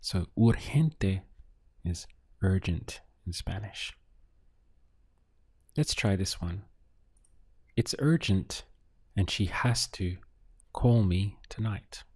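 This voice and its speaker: Male tutor for lesson narration: unhurried, deliberate delivery, warm low tone. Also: lively intonation, breathy edge, no room sound. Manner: slow, deliberate, models Spanish phrases. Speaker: language teacher.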